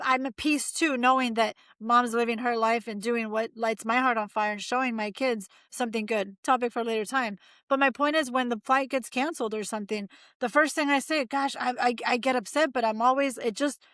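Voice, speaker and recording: A woman's voice: high voice, a little fast, a bit bright, no room sound. A woman in her forties, a mindset coach talking as a guest in an upbeat, emphatic, motivational way. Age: 40s. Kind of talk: casual interview chat.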